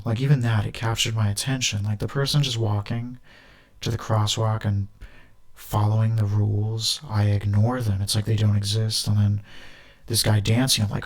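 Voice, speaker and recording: A man with a gravelly, fairly low voice talks through his thoughts in a loose, casual stream. He leans on fillers and restarts, and the doubled audio adds a flanger-like smear. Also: flat delivery, normal speed. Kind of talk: casual rambling monologue.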